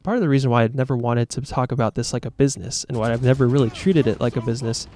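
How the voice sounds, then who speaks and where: A man's voice: mid-range voice, very fast, dark tone. A man talking to his viewers as a YouTuber in a casual, reflective monologue, earnest, rambling and self-critical.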